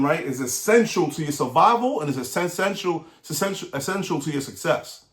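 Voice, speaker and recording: A middle-aged man speaks earnestly, giving a motivational talk and repeating his points. His voice sits a bit high. The room around him is echoey. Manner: earnest, repetitive, asks the listener "right?".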